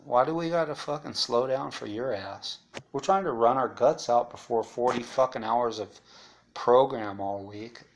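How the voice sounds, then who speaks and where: A man interviewed about life after incarceration tells his story in a casual monologue that's blunt, profane and rambling, full of asides. His voice is medium-pitched at a moderate pace, with slight background noise.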